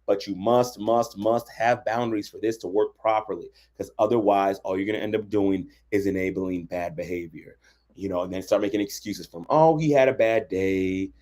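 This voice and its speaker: A man's voice: lowish voice, level tone, normal speed, darkish tone. Man coaching on a livestream. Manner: conversational, keeps asking "right?". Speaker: relationship coach. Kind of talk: livestream teaching talk.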